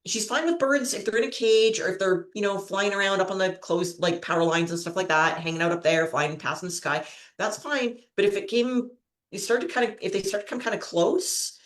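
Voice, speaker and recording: Brisk and medium-pitched, a woman hosting a trivia show chats casually and spins rambling stories, laughing often as she goes. The sound has a roomy echo.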